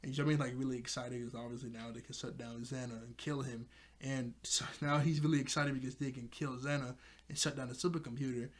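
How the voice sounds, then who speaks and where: Excitable man recapping an episode. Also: mid-range voice, fast. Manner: chuckles often while retelling, excitable. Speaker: episode reviewer.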